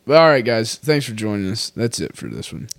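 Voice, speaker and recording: A man's voice: on the low side, sing-song, fairly quick, gravelly, dry recording. A man co-hosting a podcast in casual chat, loose and joking, swearing freely and laughing often. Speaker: podcast co-host.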